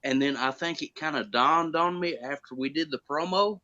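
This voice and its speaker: A guest actor with a fairly high voice tells stories at a normal speed during a casual chat. His storytelling is animated, and he acts out quoted exchanges, though the recording sounds muffled.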